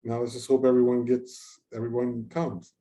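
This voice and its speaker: Guy hosting a video call, mellow voice, chatty and loose, thinks out loud. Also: mid-range voice, monotone, moderate pace. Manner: informal, chatty, thinking aloud. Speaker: moderator. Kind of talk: hosting an online research session.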